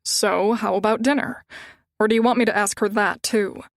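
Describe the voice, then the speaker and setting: A woman's voice: medium pitch, steady tone, moderate pace, dry recording, clean studio sound, lightly acted. A woman voicing a suave, teasing man. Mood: playful. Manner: easygoing and teasing. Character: suave, confident, playful adult man.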